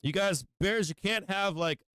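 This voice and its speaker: A man hosting a live stock market stream from his home office, swearing constantly and talking in an agitated, rapid-fire way. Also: high voice, a bit bright, clean tone, no echo. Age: adult with children. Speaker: stock market livestream host. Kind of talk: live market commentary to viewers.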